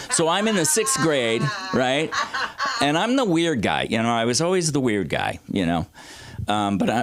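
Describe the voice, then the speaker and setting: A man in his sixties doing stand-up storytelling at an open mic, rambling and loose, with salty language and lots of filler words. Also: no room sound. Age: 60s. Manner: swings his pitch widely for comic effect. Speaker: comedy teacher performing at an open mic.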